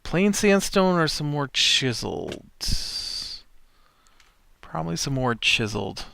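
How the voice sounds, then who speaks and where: A man's voice: a little high, very animated, takes it slowly, vocal fry, sharp tone, no room sound. A man hosting a let's play, telling a rambling story full of uhs and restarts with a wry edge while he plays. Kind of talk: casual storytelling while playing a game.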